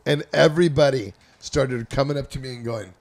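A man's voice: mid-range voice, a little fast. A man from Northern California telling a loose, rambling, profane story in a casual chat. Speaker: storyteller guest.

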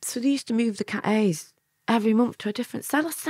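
A woman's voice: a little high, fast talker, a little mellow, slightly rough, no room sound. Lancashire woman in her fifties, interview guest, chatty storyteller who laughs and acts out what people said, dry close mic. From England.

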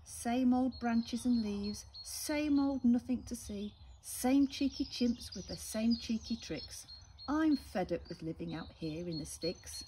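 A woman voicing a fussy female parrot in a storybook, pitched up and sing-song. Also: big pitch swings, moderate pace, few pauses, a little mellow, slight background noise. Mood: fed up.

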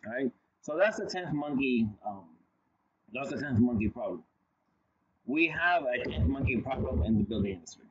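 Man, lecturer, husky voice, higher pitch, conversational storytelling, dull lo-fi recording. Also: lively intonation, moderate pace, sharp tone. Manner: conversational, storytelling with asides and restarts.

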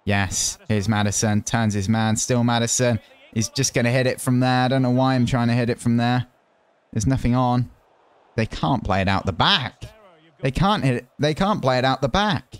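A man from the United Kingdom, a gaming YouTuber, talking over his own football game, with loud excited bursts at near misses and quieter muttering while he plans. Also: mid-range voice, moderate pace, clean tone, dry recording. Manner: chatty, muttering while planning. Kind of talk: live gameplay commentary.

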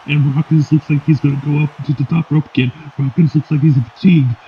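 Excitable male wrestling commentator, lo-fi. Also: fast talker, breathy edge. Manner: excitable, with sudden high shouted outbursts. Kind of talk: play-by-play commentary. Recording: dull lo-fi recording with faint hiss.

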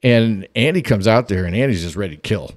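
A man hosting a parenting podcast who tells a funny personal story in an animated way, laughing often as he goes. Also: fairly low pitch, a little fast. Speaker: podcast host.

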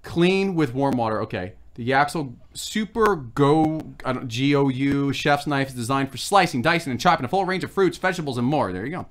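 A man's voice: medium pitch, animated, a little fast, few pauses. A man hosting a snack-tasting livestream, rambling and reading product labels aloud in casual chat. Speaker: food review livestream host.

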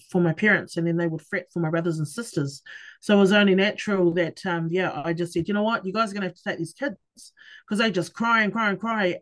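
Middle-aged new woman telling her story on a podcast, halting, candid, acts out what people said. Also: fairly low pitch. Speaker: podcast guest. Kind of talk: personal testimony in a conversation.

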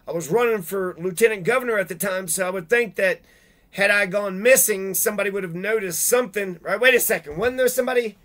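A man with a high, bright, cutting voice rants on and on, swearing constantly and bursting into loud, heated outbursts. He sounds indignant and fired up the whole way through. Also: fast talker. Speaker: video blogger reading legal rules. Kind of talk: profane ranting monologue.

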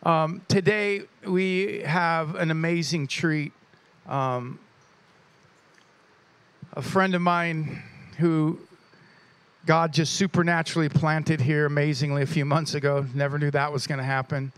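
A man pastor introducing a guest speaker to his church, telling a story with animated energy and praying over him. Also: a little high, measured pace, long pauses, smooth.

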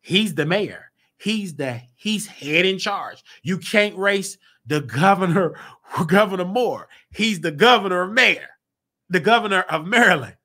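Animated man hosting a commentary show. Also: high voice, unhurried. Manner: animated, rising to emphatic outbursts. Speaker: show host.

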